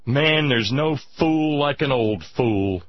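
A man giving impassioned political commentary, sarcastic and indignant, rising to shouts. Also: medium pitch, lively intonation, slow, dull audio.

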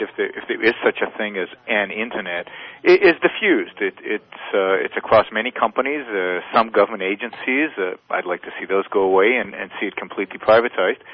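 Male phone-in guest, tinny phone audio, measured explaining tone. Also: medium pitch. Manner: measured, explanatory, with frequent fillers. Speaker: guest on a radio show. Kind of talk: radio interview. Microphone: phone line.

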